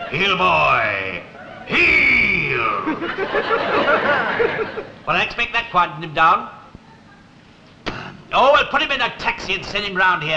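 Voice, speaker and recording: A man's voice: high voice, roomy sound, highs cut off, noisy background, heavily acted. An actor playing an exasperated, put-upon man in a 1960s British sitcom, wry and blustering. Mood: flustered. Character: exasperated middle-aged man with an unruly dog. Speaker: Mister Hunt, sitcom lead.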